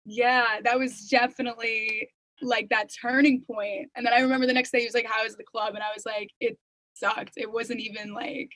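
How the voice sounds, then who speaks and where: A woman's voice: a little high, flat delivery, moderate pace, a bit bright, no room sound, rough recording. A young woman telling her story as an interview guest, chatty and full of "like" and "you know.". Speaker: interview guest, singer-songwriter. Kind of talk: casual interview chat.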